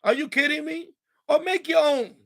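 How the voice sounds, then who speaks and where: A man's voice: extremely high pitch, moderate pace, vocal fry, fairly bright tone. A man hosting an amateur radio livestream, in an angry, profane, repetitive rant. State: mad. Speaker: ham radio livestream host.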